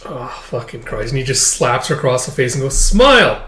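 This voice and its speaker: A man casually reading through a comic chapter and rambling with plenty of fillers. His voice sits at a middle pitch, and the room around him is echoey. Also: flat delivery, fairly quick, a bit bright, a little hiss or hum. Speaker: host. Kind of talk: casual chapter read-along.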